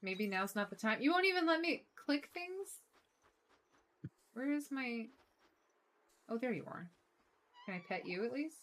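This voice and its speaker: A woman's voice: on the high side, lively intonation, a little slow, long pauses, fairly bright tone. A woman giving casual, joking commentary while playing a video game and talking back to its characters. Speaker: let's play streamer.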